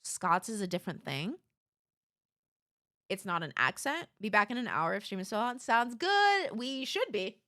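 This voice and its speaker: A woman streamer reacting casually and excitedly to a video. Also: mid-range voice, moderate pace. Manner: animated, exclaiming, laughing.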